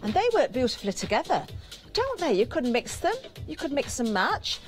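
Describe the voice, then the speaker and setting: A British woman presenting on a live TV shopping channel, chatty and giggly as she banters with the crew, her voice slightly hoarse. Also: sits high, big pitch swings, moderate pace, faint music behind. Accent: British English. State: slightly hoarse, throat catching.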